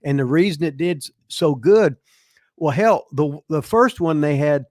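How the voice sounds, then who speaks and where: A man's voice: a little high, lively intonation, unhurried, darkish tone, dry recording, studio quality. An older man, the show's host, telling rambling, profane stories in a casual chat and laughing as he goes. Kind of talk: casual storytelling.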